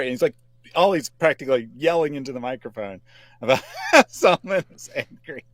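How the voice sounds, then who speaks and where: A man's voice: medium pitch, a little fast, no room sound. A man co-hosting, wryly recounting and mimicking what a critic says. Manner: wry, does mocking quotes. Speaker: co-host. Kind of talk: casual commentary.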